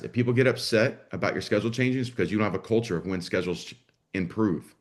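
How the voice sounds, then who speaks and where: A man's voice: on the low side, quick pace. A man coaching a live online session for school owners, blunt and salty, often acting out both sides of a conversation. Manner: blunt, salty, energetic, acts out dialogue. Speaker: business coach for martial arts school owners.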